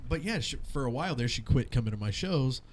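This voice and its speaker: A man's voice: mid-range voice, fast, slight background noise. Profane, laughing thirties man telling stories. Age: 30s. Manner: profane, laughing, animated storyteller. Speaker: radio show co-host. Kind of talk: casual podcast banter.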